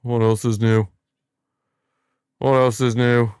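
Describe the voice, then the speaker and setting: A young man hosting a live football watchalong, giving excitable fan commentary and ranting at the referee. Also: mid-range voice, slow pace, clear, resonant tone, no echo, clean studio sound. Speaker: watchalong host.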